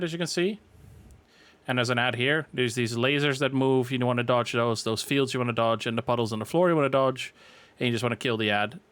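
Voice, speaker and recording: A man explains a game boss fight in a loose, laid-back way, stopping often for fillers as he works through each step. His voice sits at an ordinary middle pitch. The sound is dry, with no room echo. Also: clear, resonant tone. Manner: relaxed, filler-heavy explaining. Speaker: game guide creator. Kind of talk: casual walkthrough of a raid boss.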